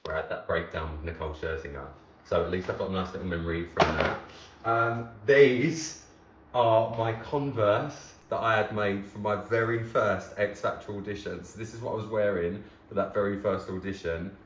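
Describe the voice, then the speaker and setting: Casual gushing vlogger man, slightly low voice, roomy recording with faint hiss. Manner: chatty and gushing, quickly excited and tearful. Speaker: former talent show contestant, presenter. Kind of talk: casual vlog, showing keepsakes to camera. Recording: echoey room, faint hiss.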